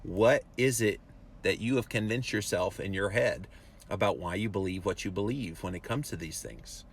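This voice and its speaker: A man with a fairly low voice hosts a live show, talking straight at his viewers with emphatic, preachy energy. A faint hiss sits under the recording. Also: normal speed. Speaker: podcast host. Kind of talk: live-streamed rant reading viewer comments.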